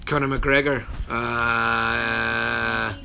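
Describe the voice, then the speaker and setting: Over music, a voice actor livestreams casually from his phone at home with his kids nearby, answering viewer questions in a meandering way, often breaking off and chuckling. His mid-range voice is level and creaky with vocal fry, and he draws out his words.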